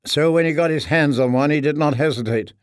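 Guy narrating an audiobook, steady and measured, a bit high, dry close sound. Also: clear, resonant tone, dry recording. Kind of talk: scripted narration.

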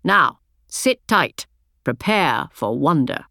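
A woman voicing a calm, plainspoken old Englishman who pilots a small boat in an audiobook, speaking briefly and matter-of-factly. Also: sits low, slow, creaky, no echo, studio quality, exaggerated voice.

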